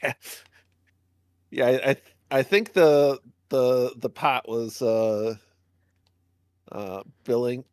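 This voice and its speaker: A man's voice: mid-range voice, slow, long pauses, smooth, dry recording, clean studio sound. A man in casual podcast chat, recalling a story in a rambling, hesitant way.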